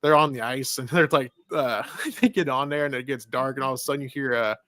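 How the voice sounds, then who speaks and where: A man's voice: mid-range voice, fast talker, sharp tone, dry recording, studio quality. A man co-hosting a casual movie review podcast, retelling the plot in a rambling way full of fillers. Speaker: podcast co-host.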